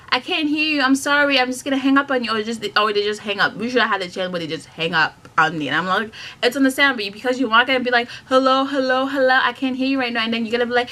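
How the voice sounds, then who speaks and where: Young woman vlogger, bright tone, emphatic story time rant full of restarts. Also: medium pitch. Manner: animated, frequent restarts and repetitions, emphatic.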